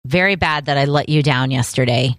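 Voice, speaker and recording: A woman's voice: a bass voice, fairly quick, no echo, studio quality. Teasing woman co-host. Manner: teasing, upbeat, leads the segment. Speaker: podcast co-host. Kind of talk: casual chat.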